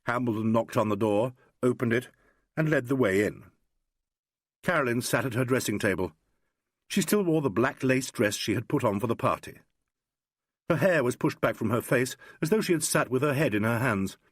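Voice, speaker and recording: Husky male audiobook narrator. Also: mid-range voice, expressive, normal speed, no room sound, clean studio sound. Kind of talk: scripted narration.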